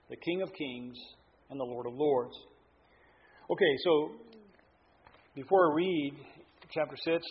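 Male preacher, folksy rambling sermon, slightly raised pitch, dull lo-fi sound. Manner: folksy storytelling with many fillers and restarts. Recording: dull lo-fi sound with faint room noise.

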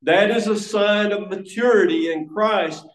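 A man delivers a sermon in an earnest, emphatic way, restarting a phrase now and then. His voice sits a little high for a man. The sound carries the echo of a roomy church sanctuary. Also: a little slow. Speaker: preacher. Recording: echoey church room.

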